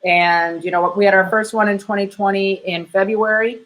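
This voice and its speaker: A woman's voice: mid-range voice, steady tone, normal speed, fairly bright tone, rough recording. A woman hosting a casual live chat about her event, gushing with praise and swearing freely. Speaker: event organizer and host. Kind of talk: casual conversation, live stream.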